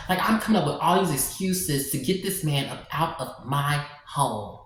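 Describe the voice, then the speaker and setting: A woman telling a personal story in a casual vlog, animated and sassy, talking straight to her viewers. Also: low voice, moderate pace, few pauses. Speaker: storytime vlogger. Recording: very echoey room.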